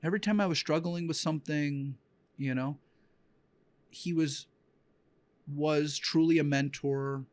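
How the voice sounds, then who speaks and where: A man's voice: a little high, dry recording. Heartfelt man, dry close sound. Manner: rambling, heartfelt, many fillers and restarts. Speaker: podcast host and dog trainer. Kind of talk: emotional personal storytelling.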